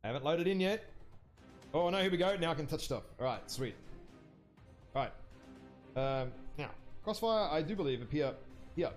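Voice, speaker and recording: A young man casting an online game league match live, chatty and rambling as he thinks aloud, his voice jumping higher when something surprises him. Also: animated, moderate pace, long pauses, soft background music. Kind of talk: live esports commentary.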